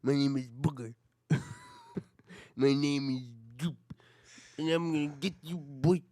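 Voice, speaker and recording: A man's voice: a little high, fairly even intonation, a little slow, dark tone, dry recording, studio quality, natural voice. A man voicing a taunting male ghost who keeps giving silly names and threatening to get you.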